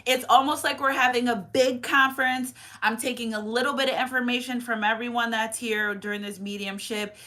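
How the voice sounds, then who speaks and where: A woman's voice: fairly high pitch, fairly even intonation, fairly quick, hardly any pauses, pushed and bright. A woman in her thirties giving a casual spiritual reading as a medium, chatty and rambling, emotional, with many restarts and asides. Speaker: tarot reader and medium.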